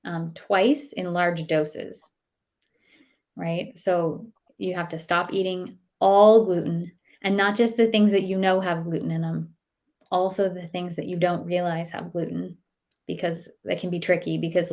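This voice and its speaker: A woman's voice: fairly low pitch, darkish tone. A woman in her thirties, a nutritionist guest, chatting casually and telling stories with many fillers and acted-out quotes. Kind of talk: casual interview chat.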